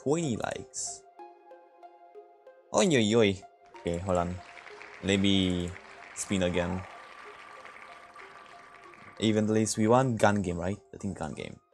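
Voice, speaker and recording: A man streaming a shooter game with viewers, reacting excitedly and swearing, his voice jumping high when shocked. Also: takes it slowly, pauses often, faint music behind. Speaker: gaming streamer. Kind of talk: casual live game commentary.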